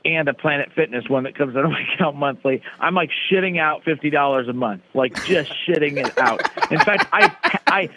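A man's voice: a little high, very animated, fairly quick, hardly any pauses, sharp tone, slight background noise, rough recording. A man co-hosting a podcast, telling self-mocking stories in casual banter and acting out the people he quotes. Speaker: podcast co-host.

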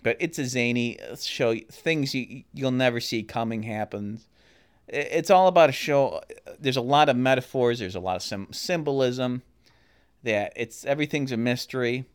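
A man's voice: medium pitch, moderate pace, clear, resonant tone. A man hosting a solo podcast, reviewing shows and films in a rambling, casual way with many fillers and restarts. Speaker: podcast host.

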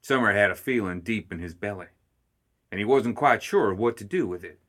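A male storyteller narrating a story in steady, measured tones. His voice sits fairly low yet comes across bright and forceful. He reads the narration at an even pace. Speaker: audiobook reader. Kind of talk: scripted narration.

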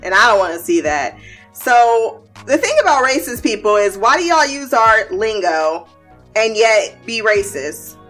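Brief: young woman, higher voice, swears freely, casual TV recap vlogger. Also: sing-song, unhurried, a bit bright, soft background music. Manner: blunt, profane, laughs often. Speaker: TV show recapper.

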